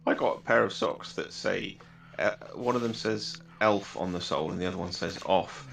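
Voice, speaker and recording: A man's voice: deep voice, normal speed, creaky. A man sim racing with friends, telling jokey stories in casual chat. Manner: jokey, animated storytelling. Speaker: co-driver on stream. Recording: faint background hum.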